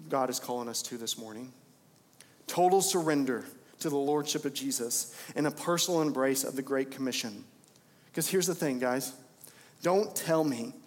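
Impassioned pastor preaching in a reverberant hall. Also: male voice, on the high side, darkish tone. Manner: impassioned, repeating phrases for emphasis. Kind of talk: sermon. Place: church sanctuary.

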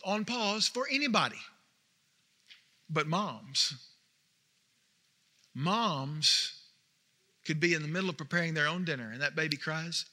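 A man preaching a sermon as a pastor, telling stories in an animated way that builds to emphatic peaks. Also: high voice, long reverb tail.

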